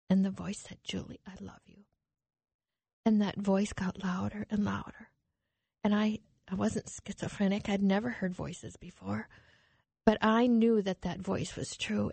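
A woman's voice: medium pitch, darkish tone, no echo. A woman giving an earnest, emotional personal testimony as a radio interview guest, often trailing off mid-sentence.

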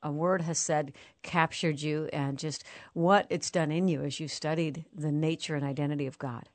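A woman's voice: deep voice, steady tone, normal speed, dry recording. A woman hosting an interview, asking earnest questions and reading aloud from the guest's book. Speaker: host.

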